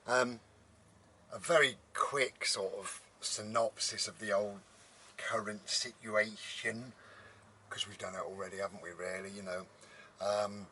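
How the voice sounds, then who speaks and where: A man's voice: on the low side, pushed and bright, breathy edge. A man telling a story to camera in a rambling, casual way, with many ums, inside a motorhome. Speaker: vlogger.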